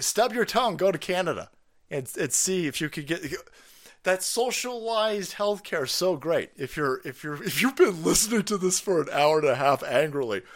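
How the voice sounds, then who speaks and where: A man hosting a livestream, ranting about politics in a profane, mocking way and laughing often. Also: fairly high pitch. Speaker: livestream host. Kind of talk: foul-mouthed political comedy rant.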